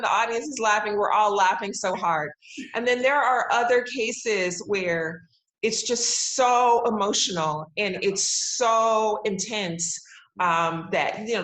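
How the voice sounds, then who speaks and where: A woman in her forties speaks as an interview guest, upbeat and emphatic, often laughing as she repeats her points. Her voice is mid-pitched for a woman. The recording carries a noticeable roomy echo. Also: a bit bright. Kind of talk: casual interview talk.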